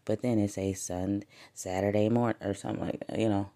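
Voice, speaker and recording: A woman talking straight to her podcast listeners in a relaxed, unscripted monologue. She tells stories with lots of energy, curses freely, laughs a lot, and her voice jumps up and down in pitch and loudness. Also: fairly quick. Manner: animated storytelling with profanity and frequent laughs; wide swings in pitch and loudness. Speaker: podcast host. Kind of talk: casual spiritual podcast monologue.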